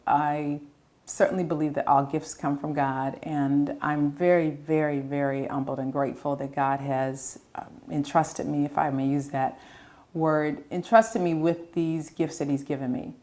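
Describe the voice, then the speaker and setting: A woman's voice: sits low, fairly even intonation, unhurried, a little mellow. A middle-aged woman, a choir director and composer, answering interview questions with heartfelt storytelling. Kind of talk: interview answers, personal stories.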